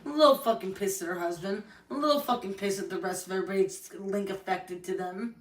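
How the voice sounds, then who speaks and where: Speaking fast and recorded from a distance in an echoey room, a woman of medium pitch vents emotionally on a livestream. Crying and furious, she swears frequently while describing her family and her pain.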